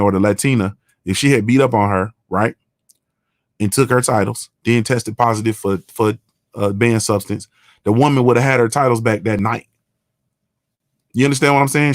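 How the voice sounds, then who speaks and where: A man rants bluntly through a casual morning-show monologue, swearing freely and circling back to the same phrases. His voice has a gravelly edge at a middling pitch. The sound is dry and close, with no room around it. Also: no room sound. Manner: blunt, profane, repeats "you understand what I'm saying".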